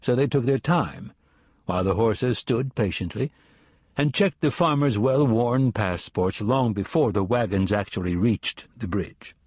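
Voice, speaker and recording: Husky guy narrating an audiobook, steady and even, dry close sound. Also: fairly low pitch, unhurried, dry recording. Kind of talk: scripted narration.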